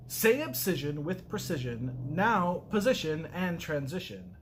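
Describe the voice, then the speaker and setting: Lively man reading aloud haltingly. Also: a little high, a little hiss or hum. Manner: halting, self-mocking, stumbles over words. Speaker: video host. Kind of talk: casual reading of a poem aloud.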